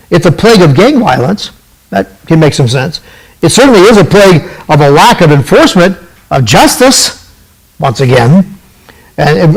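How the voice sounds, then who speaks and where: A man's voice: a little high, poor audio. A man hosting a radio show, giving emphatic, sarcastic political commentary that rises into indignant questions.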